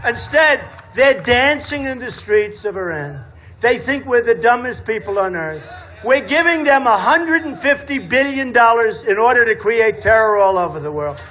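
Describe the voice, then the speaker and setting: A man in his sixties giving a campaign rally speech outdoors, boastful and repetitive, often shouting. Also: very high voice, lively intonation, moderate pace. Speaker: political candidate. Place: outdoor state fair rally.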